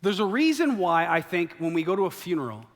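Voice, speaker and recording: Animated preaching man in a reverberant hall. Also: high-pitched, fairly quick. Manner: lively storytelling, acts out quoted lines in animated voices. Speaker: pastor. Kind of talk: sermon. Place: church sanctuary.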